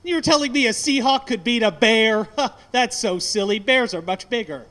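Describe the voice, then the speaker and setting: A man's voice: extremely high pitch, moderate pace, a bit bright. A man doing an open mic stand-up set, rambling and self-deprecating, swearing often, on a handheld mic in a small brewery taproom. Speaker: stand-up comic.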